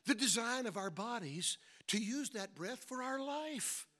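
A middle-aged man preaching a sermon, asking the congregation questions and punctuating points with amens, swinging between soft and loud emphatic lines. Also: very high voice, expressive, a little slow. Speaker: pastor.

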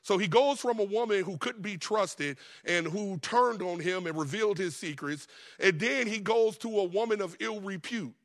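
A man preaching a sermon as the pastor, telling a Bible story in a casual, lively way, laughing often and acting out the characters. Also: high-pitched, moderate pace.

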